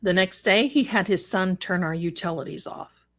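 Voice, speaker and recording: A woman's voice: on the low side, moderate pace, a bit bright. A middle-aged woman hosting a live psychic show, telling a personal story with dramatic flair and wry asides.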